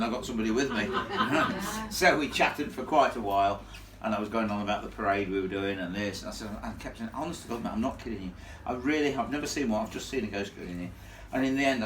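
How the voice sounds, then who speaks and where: A man telling a ghost story live to an audience in a chatty, animated way, laughing along with the crowd. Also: lowish voice, fast, slight background noise. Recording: echoey room, from far off.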